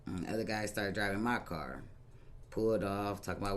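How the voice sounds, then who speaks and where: A woman guest on a podcast, telling her story in a casual, animated way, laughing often and using plain-spoken slang. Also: rumbling low, a little fast.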